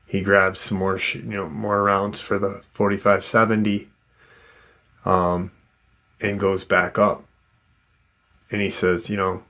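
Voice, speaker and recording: A man's voice: low voice, flat delivery, slow, long pauses, bright, forceful tone. A man casually retelling a frightening encounter as a channel host, unscripted, with plenty of "um" and "you know" along the way. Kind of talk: casual storytelling narration.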